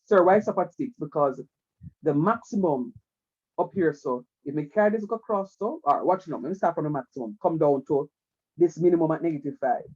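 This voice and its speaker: A high-voiced man teaches a math lesson over an online call. His tone is mellow and coaxing, and he keeps circling back to the same point. The sound is dull and lo-fi, like a computer mic. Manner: repetitive, coaxing, keeps saying "watch me". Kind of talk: online class lecture.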